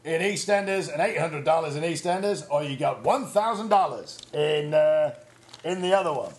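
A man with a notably high voice hosts a silly mock quiz show. He reads clues in a playful, flustered way and teases the contestant. His tone is chatty, light and full of banter. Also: animated, moderate pace. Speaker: quizmaster.

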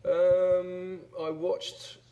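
A man's voice: high-pitched, little pitch movement, extremely slow, mellow, muffled recording. A man co-hosting a comic casual chat, telling stories in a wry, dry way with hesitations.

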